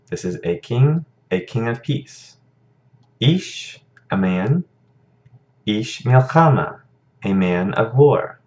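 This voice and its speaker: A man's voice: on the low side, darkish tone, dull audio. A man teaching a recorded lesson, explaining patiently and checking in with frequent "okay"s.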